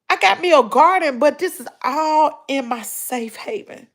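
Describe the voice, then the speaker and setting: Southern woman, middle-aged, high gravelly voice, tearful personal vlog talk, sighing. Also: lively intonation, measured pace, hardly any pauses. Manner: tearful, sighing, breaking into crying. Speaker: vlogger.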